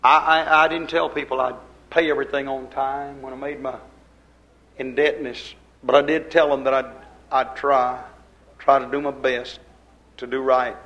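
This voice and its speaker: A man preaching a fervent sermon, swinging between loud, urgent lines and quiet, low asides. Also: level tone, normal speed, low-quality recording.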